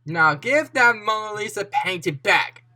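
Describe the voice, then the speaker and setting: A storyteller voicing a greedy, thieving villainess who shouts that everything is hers. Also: medium pitch, lively intonation, unhurried, voice pushed up. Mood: defiant. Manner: defiant, possessive shouting.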